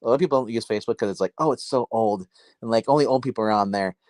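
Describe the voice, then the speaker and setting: A man chatting casually on a livestream about comics from his dark home, rambling and restarting his sentences. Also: fairly low pitch, racing, dry recording. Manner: rambling, self-interrupting, filler-heavy. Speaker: comic book livestream host. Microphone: phone.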